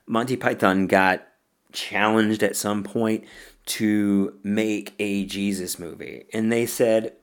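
A man's voice: lowish voice, steady tone, slow pace, clean tone. A man hosting a podcast and chatting casually about films he loves, often breaking into laughter as he talks. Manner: laughs often while talking. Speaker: podcast host. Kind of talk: casual film review chat.

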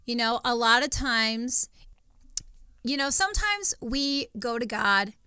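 Emphatic higher-voiced woman preaching. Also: animated, takes it slowly, bright, forceful tone, clear, resonant tone, dry recording. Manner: emphatic, preachy, repeats words when starting sentences. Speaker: co-host of a Christian podcast. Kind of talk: faith-based conversational teaching.

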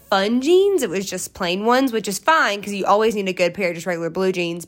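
Woman, 20s, podcast host; chatty, rambling, upbeat, mid-pitched. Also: fairly bright tone. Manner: chatty, rambling, self-interrupting; upbeat, encouraging, gushing. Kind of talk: casual solo chat.

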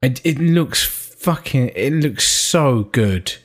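A man's voice: mid-range voice, expressive, slow. A man co-hosting a gaming podcast, searching for words as he talks and swearing casually. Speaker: podcast co-host.

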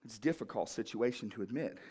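A male pastor preaching in church, moving from shouted fervor to quiet, low storytelling. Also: lively intonation, quick pace, husky. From Ohio, USA. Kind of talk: sermon. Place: church sanctuary.

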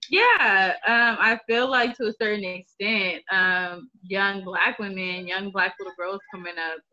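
A thoughtful woman guest in a casual podcast conversation, measured as she works through her points. Her voice is bright, and the audio is muffled and lo-fi. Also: medium pitch. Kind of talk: casual chat. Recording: dull lo-fi audio.

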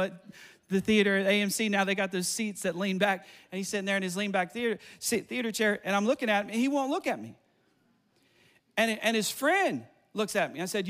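Middle-aged male pastor, very high voice, animated sermon storytelling. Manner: animated storytelling with laughs and quick asides.

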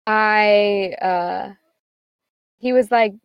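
A teenage girl chats casually, telling a long, rambling story packed with fillers and quoted back-and-forth with others. Her medium-pitched voice is clean and unhurried, with frequent pauses and no room sound.

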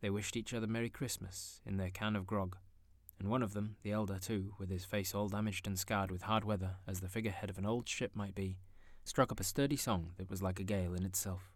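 A man narrating a classic story in an expressive, theatrical manner. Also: on the low side, fairly quick, dry recording. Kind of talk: audiobook narration.

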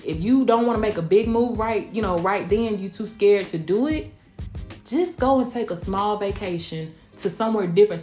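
A woman's voice: mid-range voice, darkish tone. A woman from small-town Georgia with a rural Southwest Georgia accent, hosting a casual motivational podcast in a folksy, emphatic way, calling listeners honey and y'all. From Blakely, Georgia, US. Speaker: podcast host. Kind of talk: casual motivational podcast chat, also streamed live. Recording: roomy echo with faint music behind.

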